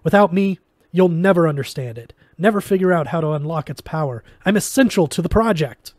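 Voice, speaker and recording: A man's voice: expressive, a little fast, a little mellow, dry recording, clean studio sound. A man voicing a hysterical, raving male scientist who screams in panic. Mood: pleading. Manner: shrill screaming.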